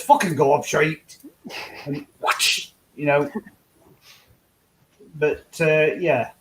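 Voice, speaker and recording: Rambling, sweary man, a bit high. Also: rough recording. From United Kingdom. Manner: rambling, swears freely, laughs at own stories. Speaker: hangout host. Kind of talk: casual chat among friends.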